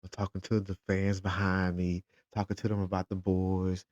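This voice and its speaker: Deep-voiced dad telling a story. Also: male voice, moderate pace, dry recording, dull audio. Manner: animated, retells conversations in quotes. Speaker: father and football fan. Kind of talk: casual storytelling vlog.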